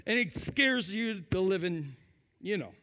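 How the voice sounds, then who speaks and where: A man preaching a sermon, animated and acting out voices for humor, in a church sanctuary. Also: sits high, measured pace. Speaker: pastor. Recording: reverberant hall.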